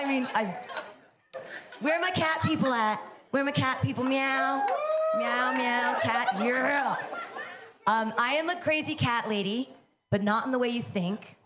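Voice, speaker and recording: A woman in her fifties tells brash, self-mocking jokes in a high voice that jumps around a lot. She is recorded live at a comedy club, and a loud crowd fills the room behind her. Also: heavy background noise. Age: 50s. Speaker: stand-up comedian. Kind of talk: stand-up comedy set.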